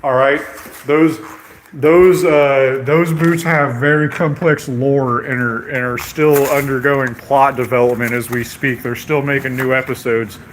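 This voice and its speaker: A man's voice: mid-range voice, a bit bright, slight background noise. A man ranting in a brash, profane, comedic vlog, repeating himself and tagging lines with "okay?". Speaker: vlogger. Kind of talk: rambling comedic rant.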